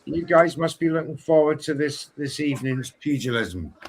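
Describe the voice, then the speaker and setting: Excitable male co-host calling boxing live. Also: a little high, normal speed, a little hiss or hum. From Britain. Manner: excitable, energetic play-by-play. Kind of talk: live boxing watchalong commentary.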